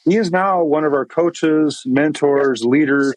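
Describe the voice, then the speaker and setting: A man's voice: a little high, measured pace, dry recording, low-quality recording. A man, a pastor, tells an emotional story in a podcast interview with an earnest manner and many restarts.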